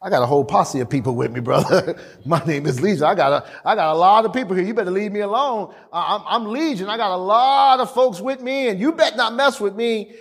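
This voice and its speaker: A man voicing a male demon who brags and acts street-tough, talking fast and low. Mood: bluffing. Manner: bragging, street-tough, quick.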